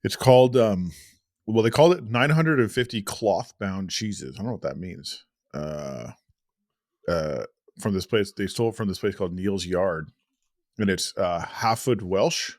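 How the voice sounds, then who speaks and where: A man's voice: deep voice, measured pace, darkish tone, no echo, clean studio sound. A man co-hosting a food podcast, rambling casually with lots of fillers. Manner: rambling, filler-heavy, laughs often. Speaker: podcast co-host.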